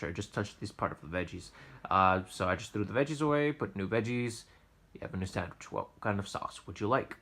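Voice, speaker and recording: A man's voice: lowish voice, fairly quick, fairly bright tone. A young man casually telling profane, rambling stories from his sandwich shop job, with frequent stammered restarts. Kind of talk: casual storytelling vlog.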